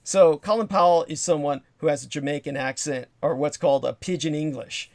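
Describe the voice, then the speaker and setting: A man hosting a livestream, talking in a slightly high voice that sits dry and close to the mic. He rambles from one memory to the next, swears freely and stops to answer the chat. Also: brisk, darkish tone, no echo. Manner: digressive, profane, reads chat comments aloud. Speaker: livestream host. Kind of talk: rambling monologue storytelling.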